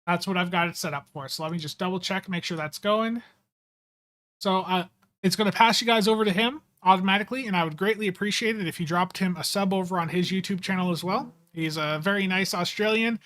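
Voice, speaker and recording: A man's voice: high voice, fairly quick, fairly bright tone. A man hosting a live game stream, chatting in an easygoing, rambling way with plenty of fillers. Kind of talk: casual live-stream chat.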